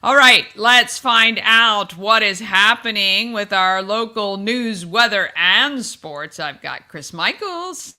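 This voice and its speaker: Bright, chatty woman radio host. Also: mid-range voice, animated, takes it slowly, hardly any pauses. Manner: chatty, upbeat, reads giveaways. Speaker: morning show host. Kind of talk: casual radio chat.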